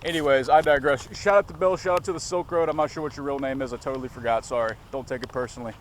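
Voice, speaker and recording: A man's voice: medium pitch, fairly even intonation, very fast. A man vlogging on a city street. He talks casually, curses constantly, rambles and keeps digressing. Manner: profane, rambling, digresses often. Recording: faint street noise outdoors.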